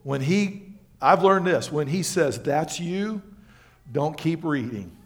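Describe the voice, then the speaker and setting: A male pastor preaching a sermon to his congregation, swinging between loud emphatic lines and quiet, low asides. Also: lively intonation, unhurried. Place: church sanctuary.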